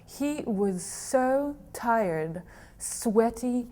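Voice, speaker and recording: A woman from Israel, a dance teacher, speaking in a documentary interview, thoughtful and quick to laugh. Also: a little high, animated, dark tone. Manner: slow, thoughtful, laughing often.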